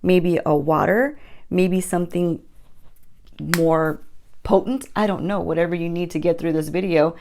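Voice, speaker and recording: A woman's voice: fairly low pitch, unhurried, a little mellow. A woman beauty vlogger telling a rambling, chatty storytime with playful asides, recorded on her phone at home at night. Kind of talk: casual storytime chat.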